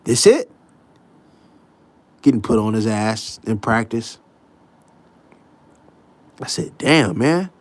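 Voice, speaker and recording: A man hosting a casual sports talk show, animated and mocking, laughing often and mimicking people. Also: lowish voice, takes it slowly, long pauses. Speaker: podcast host.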